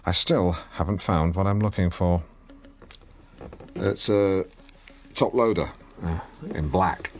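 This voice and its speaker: A man's voice: deep voice, takes it slowly, pauses often. A man hosting a comedic radio show in a studio, pompous and often stumbling over his words. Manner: pompous, fumbling, stammering. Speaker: radio host.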